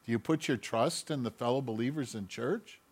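A man preaching a sermon as pastor, moving between quiet conversational asides and louder emphatic lines. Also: medium pitch, moderate pace, slightly rough.

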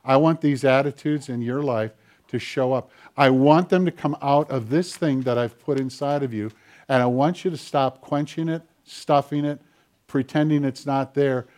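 A man's voice: medium pitch, normal speed, a little mellow. A man, a pastor, preaching a conversational sermon and acting out quoted dialogue as he goes. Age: older.

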